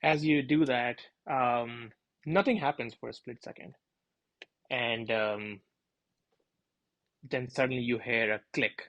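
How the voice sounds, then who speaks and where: A man's voice: mid-range voice, steady tone, slow, long pauses, fairly bright tone. A man narrating a tabletop game as dungeon master in a loose, chatty way full of fillers.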